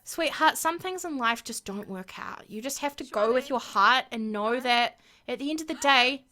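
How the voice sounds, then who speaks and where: A woman's voice: high voice, expressive, normal speed, pushed and bright. A woman voicing a kind, motherly woman in a life-sim game, giving soothing advice. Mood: advising. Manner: soothing, advising.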